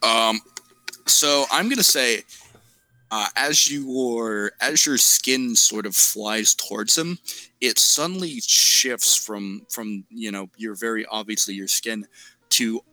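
A man narrates as game master, spinning out descriptions of the action as he improvises. His voice sits low but has a forceful, bright edge. The sound is close and dry. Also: slow pace, no echo, low-quality recording. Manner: descriptive, restarts phrases while improvising.

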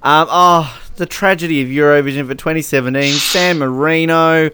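A man's voice: a little high, fairly even intonation, normal speed, few pauses, sharp tone, slight background noise. A man hosting a casual podcast chat, sarcastic and often laughing. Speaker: podcast host. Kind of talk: casual chat reviewing song contest entries.

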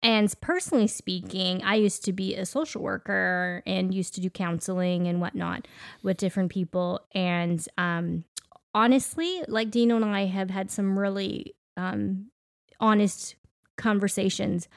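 Gravelly-voiced woman co-hosting a podcast. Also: mid-range voice, steady tone, unhurried, dry recording, clean studio sound. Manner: conversational, reflective, many fillers. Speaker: podcast co-host. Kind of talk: casual podcast chat.

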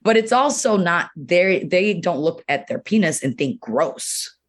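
A woman's voice: lowish voice, big pitch swings, a little slow. A woman urologist speaking as a guest in an interview, talking frankly and animatedly, full of "you know" and acted-out quotes. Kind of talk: candid conversational interview.

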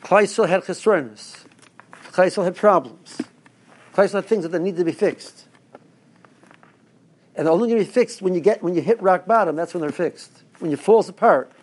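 A man's voice: high-pitched, normal speed, pauses often. A man, a rabbi, giving a rambling Torah talk to his listeners with stories and asides. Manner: rambling, restarts, storytelling asides.

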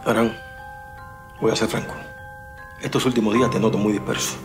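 A man's voice: lowish voice, fairly even intonation, fast talker, natural voice. An actor playing a stern man who confronts a colleague and demands his loyalty, in film dialogue with music underneath. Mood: confrontational. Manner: confrontational, pressing. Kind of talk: Spanish-language film dialogue.

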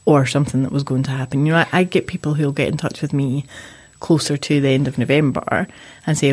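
A woman's voice: a bass voice, steady tone, quick pace, darkish tone, husky. A woman sleep consultant in a casual podcast chat, giving matter-of-fact, reassuring advice.

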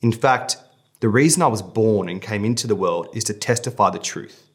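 A man voicing a calm, steady teacher on trial who answers in a measured way. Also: fairly low pitch, breathy edge.

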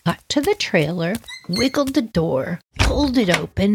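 A woman telling a childhood story for kids in an animated, playful way, acting out sounds. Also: mid-range voice, normal speed, gravelly, few pauses, background noise.

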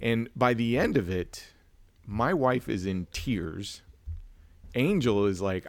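A man's voice: mid-range voice, expressive, takes it slowly, gravelly, dry recording. A man co-hosting a casual film review chat, telling stories and acting out family dialogue. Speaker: podcast co-host.

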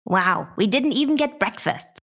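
A woman's voice: medium pitch, expressive, moderate pace, fairly bright tone. A woman playing a tabletop game, describing her character in a playful way. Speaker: player.

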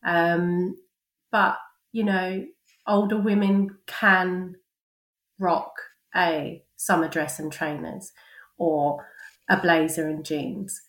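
Woman, low-ish voice, roomy echo, casual podcast chat, thoughtful, lots of ums. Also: fairly even intonation, slow, fairly bright tone. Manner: thoughtful, many fillers. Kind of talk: casual conversation.

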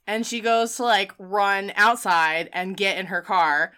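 A woman casually recapping a film, animated, laughing often and acting out the characters. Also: medium pitch, measured pace, smooth. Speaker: podcast co-host recapping a film. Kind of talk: casual chat.

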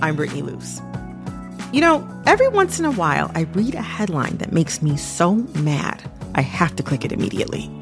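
A woman hosts a radio talk show, her voice gravelly and fairly low. Her delivery is lively and incredulous, with a lot of movement in pitch. Soft music sits behind her. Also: normal speed. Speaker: host.

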